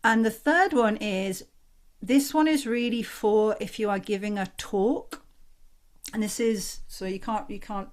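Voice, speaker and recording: A woman from the north of England with a Northern English accent, a communication coach giving an expressive, conversational workshop talk over a video call. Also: mid-range voice. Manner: expressive, conversational, acts out examples.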